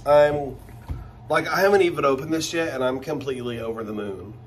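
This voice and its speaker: A man chatting casually while unboxing luxury items, gushing and exclaiming with excitement. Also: mid-range voice, fairly quick, slight background noise.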